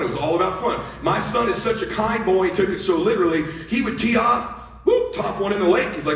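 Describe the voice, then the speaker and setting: Middle-aged guy storytelling to a crowd, high-pitched voice, echoey hall, sounds far from the mic. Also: fast talker, noisy background. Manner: storytelling, animated, acts out dialogue. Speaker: motivational speaker. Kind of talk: motivational speech to an audience. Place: large hall with audience laughing.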